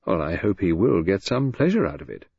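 A man playing a grave, gentle dutiful son. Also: low voice, big pitch swings, fairly quick, gravelly, husky, dry recording, heavily acted. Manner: grave, mild, dreamy. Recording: dull, dry lo-fi recording.

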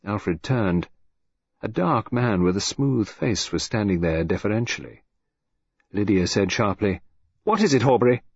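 A man with a husky voice narrating an audiobook in a measured, expressive reading. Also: on the low side, no echo. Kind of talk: scripted narration. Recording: dull, dry lo-fi recording.

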